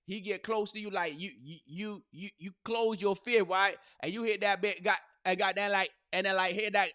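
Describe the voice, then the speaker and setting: A man putting on a brash young Southern guy with an Atlanta accent who gives loud, profane fight tips and stumbles over his words. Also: sits high, fairly even intonation, normal speed, pitched above the performer's own voice. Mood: rowdy.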